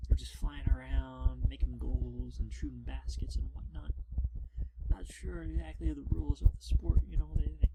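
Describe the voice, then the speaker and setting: A man telling rambling, deadpan stories in a whispered role-play. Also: medium pitch, normal speed, vocal fry. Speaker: ASMR storyteller. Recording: loud background noise.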